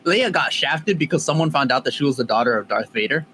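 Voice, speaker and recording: A young man co-hosting a podcast in casual chat, halting and stumbling, with the odd curse. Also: medium pitch, animated, pushed and bright, slight background noise. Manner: halting, many fillers and restarts, swears. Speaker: podcast co-host.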